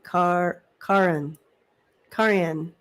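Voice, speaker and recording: A woman's voice: on the low side, fairly even intonation, extremely slow. A middle-aged woman co-hosting a casual live stream, chatty, laughing often and repeating her words. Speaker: psychic reader, co-host.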